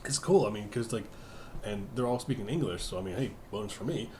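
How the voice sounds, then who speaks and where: A man with a fairly low voice chats hesitantly on a podcast, filling his pauses with ums. A steady background noise sits under the recording. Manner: hesitant, many ums, chuckles often. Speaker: podcast co-host. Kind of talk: casual chat.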